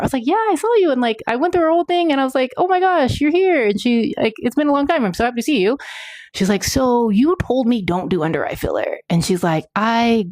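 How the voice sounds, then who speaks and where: A woman's voice: medium pitch, darkish tone, no echo. A young woman, an aesthetic nurse practitioner, answering questions in a chatty, emphatic live Q&A full of "like". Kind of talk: casual live Q&A.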